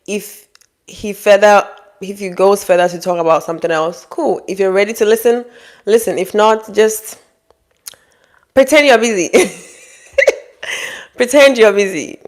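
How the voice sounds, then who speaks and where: A woman talking straight to her audience with relationship advice, bluntly scolding and acting out quoted people in high mock voices. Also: measured pace, long pauses. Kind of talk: direct-to-camera advice monologue.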